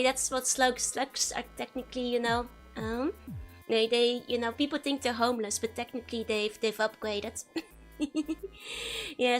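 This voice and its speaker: Bubbly hoarse woman with a Dutch accent. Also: sits high, fairly bright tone. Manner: bubbly, laughs often, greets chat by name. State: hoarse from being sick. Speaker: streamer. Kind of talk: casual live-stream chat.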